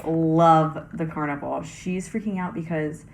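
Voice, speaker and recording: A woman's voice: low voice, gravelly. A woman co-hosting a podcast, eagerly retelling a movie's scenes in casual chat. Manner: excited, quick retelling with acted quotes. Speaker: podcast co-host. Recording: echoey room with faint hiss.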